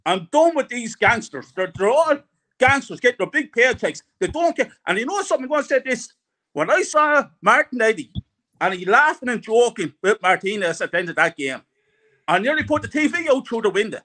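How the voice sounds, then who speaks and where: A middle-aged man in a fuming fan rant, hammering the same points again and again. His voice sits very high for a man and rings bright and forceful. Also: very animated, fairly quick. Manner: angry, ranting, repeats himself. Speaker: guest fan.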